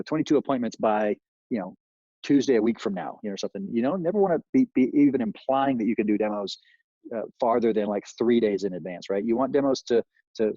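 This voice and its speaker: A man's voice: fairly low pitch, dark tone, no room sound, dull audio. A man giving a sales training talk, rambling with many fillers and acting out lines he would say to customers.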